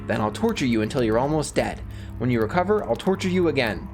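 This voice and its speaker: A man's voice: mid-range voice, very animated, fast talker, creaky, a little mellow, faint music behind. Brief: a man reading a cruel, grudge-holding young woman, threatening with relish. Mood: gleeful. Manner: cold, gleefully threatening. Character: vengeful menacing young woman.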